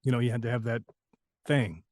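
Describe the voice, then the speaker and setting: A man's voice: mid-range voice, brisk, a little mellow, no room sound, clean studio sound. A man, a voice actor, chatting in an interview, rambling through stories and laughing often. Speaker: voice actor guest. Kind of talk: casual interview chat.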